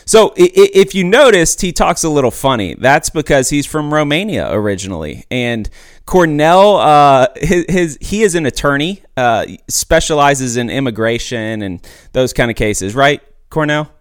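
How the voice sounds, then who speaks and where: A man hosting a podcast, talking in an energetic, emphatic, chatty way. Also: a little high, moderate pace, clean tone, no echo, studio quality. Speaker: podcast host. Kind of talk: casual podcast chat.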